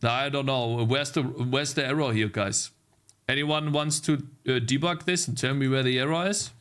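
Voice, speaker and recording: A man's voice: medium pitch, steady tone, moderate pace, a bit bright, clear, resonant tone. A young man streaming himself programming, muttering through bugs and talking to his chat. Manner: frustrated muttering while debugging, talking to chat. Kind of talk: live coding stream chat.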